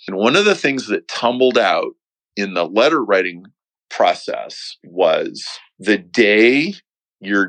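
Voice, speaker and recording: A middle-aged man as a podcast guest, slowly and earnestly recounting a personal story in a reflective way. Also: on the low side, a bit bright, no echo, rough recording. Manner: slow, reflective, earnest telling.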